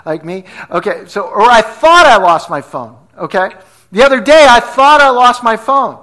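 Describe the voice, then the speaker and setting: High, bright-voiced pastor preaching. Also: male voice, animated, moderate pace. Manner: conversational, asks the congregation questions, tells stories animatedly. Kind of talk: sermon.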